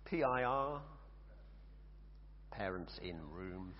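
A man's voice: sits low, lively intonation, drawn-out words, heavy background noise. Man preaching in a church. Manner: conversational, hesitant with fillers and self-corrections. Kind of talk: sermon with scripture reading. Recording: reverberant church, dull lo-fi sound.

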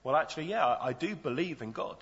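A man's voice: fairly high pitch, lively intonation, quick pace, fairly bright tone. A preacher doing a hesitant man on a bridge. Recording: dull lo-fi sound in a reverberant hall.

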